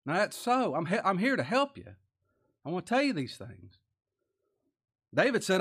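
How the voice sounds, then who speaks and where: Guy preaching, earnest and folksy, kinda high voice. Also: animated, normal speed, long pauses, a bit bright. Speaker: pastor. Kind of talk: sermon.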